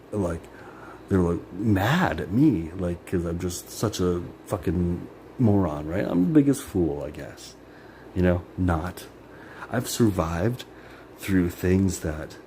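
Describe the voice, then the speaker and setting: A man's voice: sits low, dark tone, a little hiss or hum. A man venting in a personal monologue, rambling and bitter, swearing and filling his talk with "like". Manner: rambling, profane, many "like" fillers; emotional, bitter. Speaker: vlogger.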